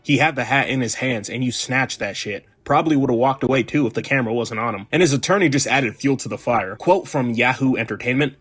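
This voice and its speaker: Husky, sarcastic male commentator. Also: mid-range voice, brisk, hardly any pauses, soft background music. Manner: sarcastic, profane, deadpan rants. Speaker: host. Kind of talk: crude satirical commentary vlog.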